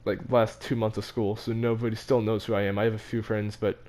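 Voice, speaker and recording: A man's voice: fairly low pitch, flat delivery, fairly quick, darkish tone. A teenage boy casually telling a story from his own life, laughing between phrases and stumbling over his words. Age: teens. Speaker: vlogger.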